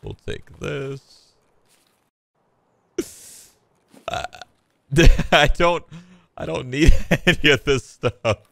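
Relaxed swearing male streamer, bright voice. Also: fairly high pitch, very slow, gravelly, pauses often, no echo, clean studio sound. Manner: laid-back, joking, swears often. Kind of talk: casual gameplay commentary.

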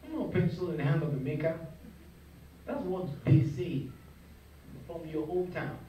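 A man's voice: on the high side, moderate pace, dark tone, slight background noise. A man preaching a sermon in a church, emphatic and calling on the congregation to repeat his words. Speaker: pastor. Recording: echoey hall, voice from far off, crowd.

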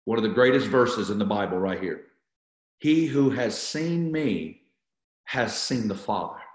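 A man's voice: on the low side, animated, a little slow, roomy sound. A man leading an online Bible study, teaching with fervor and repeating key phrases for emphasis as he talks to viewers.

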